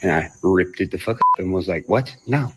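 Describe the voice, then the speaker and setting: A man's voice: low-pitched, fairly quick, background noise. Rambling man, swearing. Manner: rambling, swearing, laughing between phrases. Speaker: musician on a livestream. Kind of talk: rambling live-stream storytelling.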